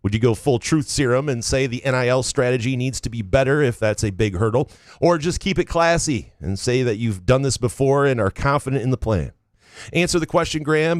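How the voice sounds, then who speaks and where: A man's voice: medium pitch, dry recording, clean studio sound. A man co-hosting a sports podcast, reading listener questions aloud with a joking edge. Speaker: podcast co-host. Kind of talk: casual sports chat.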